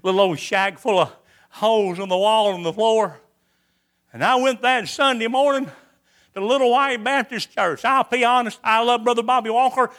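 A man's voice: sits high, a bit bright. A man preaching a sermon, telling his own testimony in a folksy, repetitive storytelling manner.

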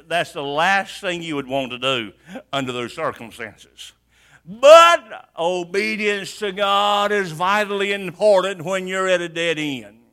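A man preaching a sermon, swinging from hushed asides to shouted emphasis. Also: sits high.

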